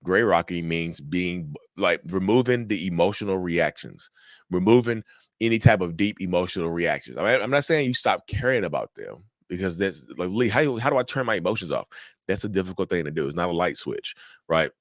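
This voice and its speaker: A man's voice: low voice, animated, normal speed, no echo, studio quality. A man hosting a mental health channel, giving casual, repetitive advice straight to viewers. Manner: direct, repetitive, addresses viewers as y'all.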